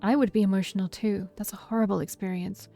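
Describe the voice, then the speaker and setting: Woman reading a gentle, comforting heroine. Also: mid-range voice, fairly even intonation, fast talker, faint music behind, lightly acted.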